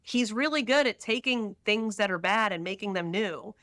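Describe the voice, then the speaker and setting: Bright, crisp-voiced woman guest. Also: mid-range voice, moderate pace, no room sound. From Texas. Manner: animated storyteller, slips into quoted voices. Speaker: podcast guest. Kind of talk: casual conversational interview.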